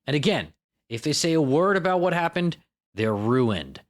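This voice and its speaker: A man's voice: fairly high pitch, very animated, moderate pace. A man hosting a podcast alone, riffing in an irreverent, profane, self-mocking comic monologue. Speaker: podcast host.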